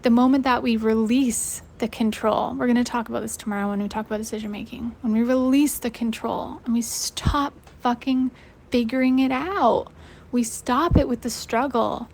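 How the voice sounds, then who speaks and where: A young adult woman hosting a motivational coaching lesson, casual and energetic, swearing freely and laughing often. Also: a little high, moderate pace, vocal fry. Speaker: host and life coach.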